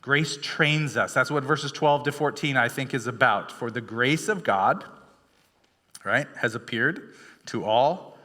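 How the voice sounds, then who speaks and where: Bright-voiced preacher in a reverberant hall. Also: male voice, medium pitch, measured pace. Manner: conversational storytelling with many fillers and restarts. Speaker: pastor. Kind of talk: sermon. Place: church sanctuary.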